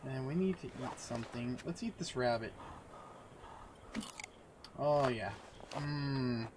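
A man's voice: medium pitch, takes it slowly, noisy background. A man hosting a let's-play video, chatting casually to viewers and himself while he plays. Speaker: gaming video host.

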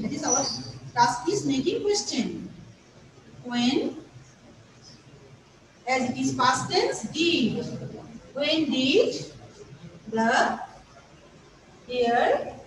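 Slow, patient woman teacher with a Bangladeshi accent. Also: high-pitched, slight background noise. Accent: Bangladeshi English. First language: Bengali. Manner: patient, repeats and explains step by step. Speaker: English teacher. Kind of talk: classroom grammar lesson. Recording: echoey room, voice far from the mic.

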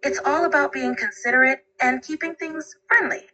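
A synthetic woman's voice of an AI assistant, answering in an upbeat, polite and even way. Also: high-pitched, normal speed, low-quality recording. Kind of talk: conversational assistant replies.

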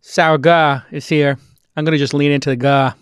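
A man's voice: a little high, level tone, normal speed, smooth, dry recording, studio quality. A man from Brooklyn with a Brooklyn accent, hosting a podcast in an emphatic, opinionated way. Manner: emphatic, opinionated, repeats points for stress. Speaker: podcast host. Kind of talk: casual podcast talk and host-read ad.

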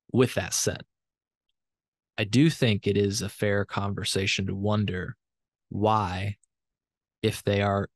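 A man's voice: fairly low pitch, no echo, clean studio sound. A man hosting a podcast interview, talking in a rambling, hedging way and correcting himself as he goes. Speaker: podcast host. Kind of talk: conversational interview and recorded aside.

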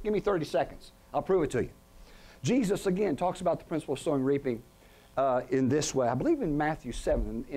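A man's voice: on the high side, mellow. Preacher man drawing answers from his flock. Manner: call-and-response questions to the congregation. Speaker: pastor. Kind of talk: sermon. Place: tent with a congregation.

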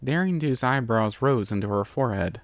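A man narrating a fan fiction story in a steady, even reading. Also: mid-range voice, normal speed, dry recording. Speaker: reader.

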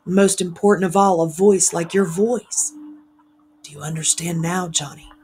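A woman reading a story aloud, voicing a grave older male lighthouse keeper in a slow, measured, hushed way. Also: fairly low pitch, fairly even intonation, a little hiss or hum, natural voice. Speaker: reader.

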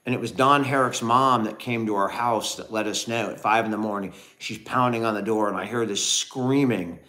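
A man's voice: lowish voice, normal speed, pushed and bright. Middle-aged man telling a family story. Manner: reflective, storytelling, thanks viewers. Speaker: livestream co-host. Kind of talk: casual livestream chat.

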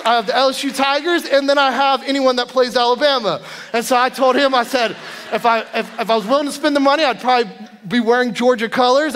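A man in his thirties preaches in a church sanctuary, his high voice trailing a long reverb through the room. He tells his stories with animation and acts out his family's voices. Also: a bit bright. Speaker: guest preacher. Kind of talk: sermon with personal stories.

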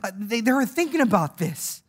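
A man's voice: high-pitched, big pitch swings, moderate pace, husky. A male preacher delivers a sermon with plenty of energy and humor. He laughs as he tells the stories and acts out the voices he quotes.

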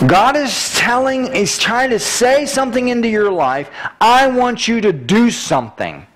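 A man's voice: very high-pitched, very animated, a little slow, a bit bright, slight background noise, rough recording. A middle-aged man, preaching a conversational sermon with many restarts and asides.

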